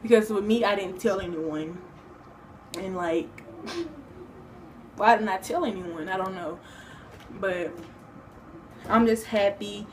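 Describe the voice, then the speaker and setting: A woman's voice: mid-range voice, slow, long pauses, a little hiss or hum. A young woman talking casually to her own vlog, rambling with many fillers and restarts. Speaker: vlogger. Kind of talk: casual personal vlog talk.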